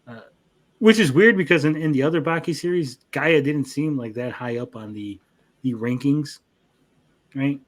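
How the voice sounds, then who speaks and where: This young co-host of an anime review show talks through episode recaps casually, cursing without restraint and jumping into brief character impressions. His voice is mid-range.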